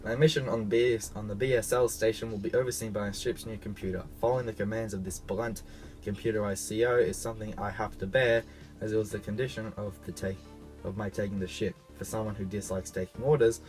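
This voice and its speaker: Guy reading as a lady bounty hunter telling her mission, plain low voice. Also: steady tone, fast talker, soft background music, close to an everyday voice, rough recording. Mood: earnest. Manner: reads game text aloud, a bit louder and higher.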